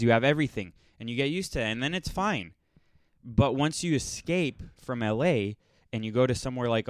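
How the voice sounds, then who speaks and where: A young man telling a rambling, sardonic story in a casual monologue, now and then mocking people in quick impressions. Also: medium pitch, no echo. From Los Angeles area.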